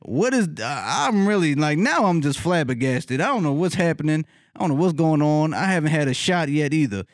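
A man casually telling a funny personal story, cursing freely, laughing often and leaping up in pitch when he retells his reactions. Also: lively intonation, brisk, no room sound, clean studio sound. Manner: laughs often mid-sentence.

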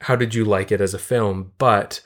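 A woman's voice: a bass voice, fairly even intonation, moderate pace. A woman co-hosting a casual chat about a film, explaining at length with enthusiasm. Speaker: podcast co-host. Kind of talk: casual movie discussion.

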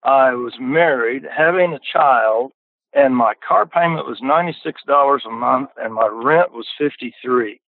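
A man's voice: medium pitch, measured pace. Older man on a tinny phone line. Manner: folksy, repeats words when starting sentences. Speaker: podcast guest. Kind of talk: casual storytelling.

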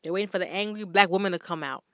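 A woman's voice: lowish voice, racing, sharp tone, dry recording, studio quality. A woman vlogger speaking earnestly and emphatically to her viewers from a room at home. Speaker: vlogger sharing workplace faith tips. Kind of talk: candid talk to camera.

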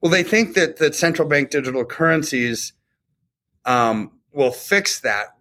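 A man's voice: a little high, animated, unhurried, sharp tone. Man explaining economics conversationally. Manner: conversational, explains with rhetorical "right?" tags. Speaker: podcast co-host. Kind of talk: casual commentary on economics.

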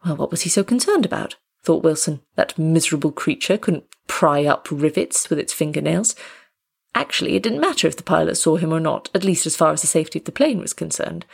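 A woman narrating an audiobook story in a steady, measured way. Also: low-pitched, creaky, breathy edge.

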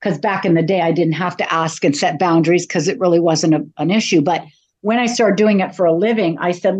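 A woman's voice: lowish voice, fairly quick, a little mellow. Chatty woman on a dull lo-fi line. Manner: chatty, self-deprecating storyteller. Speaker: psychic medium guest. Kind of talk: casual interview talk.

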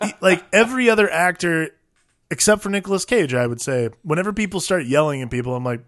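A man co-hosting a podcast, chatting casually and profanely about movies in a rambling, animated way. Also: fairly high pitch, quick pace, dry recording, studio quality. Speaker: podcast co-host. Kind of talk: casual film discussion.

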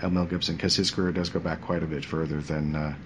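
Deep-voiced rambling man. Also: little pitch movement, quick pace, slight background noise. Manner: rambling, jokey, trails off mid-sentence. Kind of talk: casual chat.

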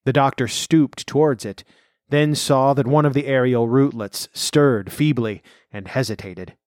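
A man narrating a classic story in an audiobook reading, measured and slowing in tense passages. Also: medium pitch, darkish tone, dry recording, clean studio sound.

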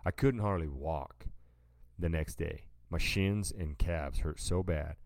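A man's voice: very deep voice, slow, vocal fry, a little mellow, dry recording, studio quality. A man co-hosting a podcast, casually telling a rambling story and calling his listener "dude" a lot. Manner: laid-back, rambling, says "dude" a lot. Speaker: podcast co-host.

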